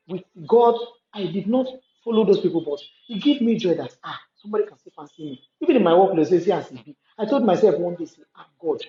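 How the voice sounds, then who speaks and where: A woman's voice: mid-range voice, dark tone. A woman with a Nigerian accent, talking at length in an emphatic storytelling way and repeating herself for stress. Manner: talkative, emphatic storytelling with repetitions. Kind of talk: casual monologue. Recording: echoey, slightly dull room recording.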